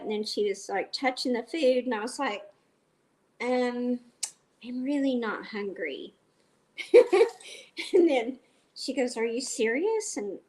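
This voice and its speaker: A middle-aged woman with a stuffy nose, live streaming casually while cooking, chatting with viewers and telling rambling stories. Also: a little high. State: stuffy, blowing her nose.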